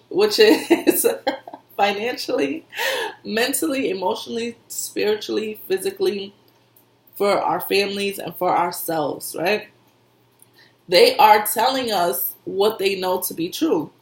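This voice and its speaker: A woman's voice: mid-range voice, takes it slowly. A woman who works as an intuitive reader and medium, giving casual spiritual advice in a conversational way, repeating herself and laughing often. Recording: echoey room.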